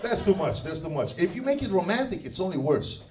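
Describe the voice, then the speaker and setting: A man with a Russian accent performing a stand-up comedy set on a club stage, deadpan and animated. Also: sits high, a little fast, hardly any pauses, recorded from a distance, background noise. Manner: deadpan, animated delivery with sung bits.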